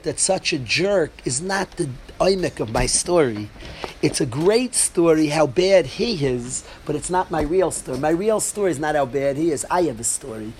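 A man giving an informal Torah class as a rabbi, telling a story with lively energy and asking his listeners questions. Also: a little high, a little hiss or hum. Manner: animated storytelling, asks the audience.

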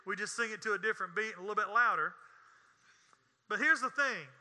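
High, bright preacher man. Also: quick pace. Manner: folksy and joking, swinging between quiet asides and loud emphatic preaching. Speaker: pastor. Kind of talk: sermon.

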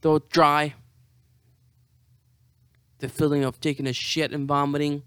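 A man's voice: on the high side, level tone, fast, clean tone, no echo. A hungover young man rambling to camera in a profane, self-mocking monologue. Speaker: vlogger.

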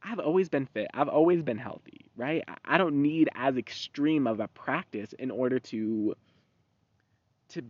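A young man in his twenties hosting a podcast, talking in a rambling, profane, animated monologue. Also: fairly high pitch, dry recording. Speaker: podcast host. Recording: dull, dry lo-fi recording.

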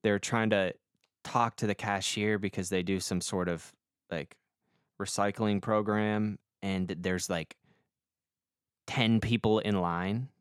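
A man's voice: lowish voice, steady tone, takes it slowly, smooth, no echo, clean studio sound. Rambling young male podcast host. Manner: rambling, swears a lot, self-deprecating. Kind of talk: casual comic monologue.

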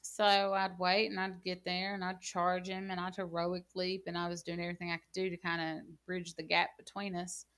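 A woman's voice: on the low side, monotone, moderate pace, hardly any pauses, a bit bright. A woman in casual gaming chat, telling rambling stories full of "like" and "you know.". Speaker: gaming channel co-host.

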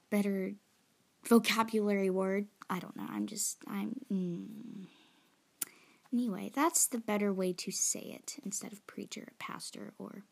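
Young girl rambling into her phone for a podcast, kinda gravelly, drifts into whispers. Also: mid-range voice, a little mellow. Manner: rambling and self-conscious, slips into whispers. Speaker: podcast host. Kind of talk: casual solo podcast chat.

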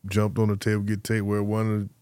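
A man's voice: on the low side, fast talker, clean tone, no echo. A man, telling stories as an interview guest and acting out the voices of people in them. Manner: animated storyteller who acts out quotes. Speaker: guest, former pro football player. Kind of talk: casual interview storytelling.

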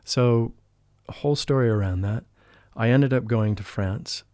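A man talking as a guest in an interview, telling a personal spiritual story in an earnest, emotional way. He often drops into a hushed voice when he quotes people. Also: medium pitch, measured pace, no room sound, studio quality. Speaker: podcast guest, spiritual life coach.

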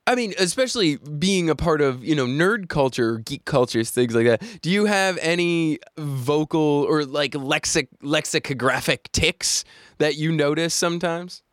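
A sarcastic, chatty man sitting in as a podcast guest, his voice a little higher than most men's. He laughs often, and the sound is dry and close to the mic. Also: lively intonation, normal speed, no echo. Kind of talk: casual chat.

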